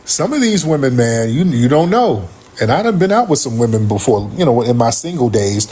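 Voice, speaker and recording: A middle-aged man spins a casual comic tale on a livestream, cursing freely and doubling back on his words. His voice has a husky grain, and his pitch leaps around with lively energy as he tells it. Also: brisk. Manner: animated, profane, rambling with restarts. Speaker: livestream host.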